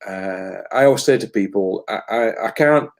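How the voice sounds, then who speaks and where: A man with a fairly low voice speaking at normal speed appears as a guest on a live talk, a spiritual guest and energy reader. In casual conversation, he muses at length about spiritual experience, restarting his sentences many times.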